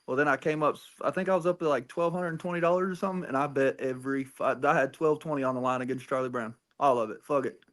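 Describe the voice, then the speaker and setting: A man's voice: mid-range voice, fairly even intonation, fast, hardly any pauses, fairly bright tone. A man chatting casually about racing, rambling with frequent restarts and swearing. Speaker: podcast co-host.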